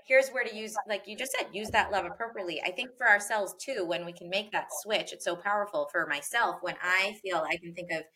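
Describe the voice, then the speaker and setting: A woman's voice: medium pitch, brisk, few pauses, bright, forceful tone. A woman speaking earnestly and reflectively in a casual podcast conversation about parenting, with frequent fillers and repeated phrases.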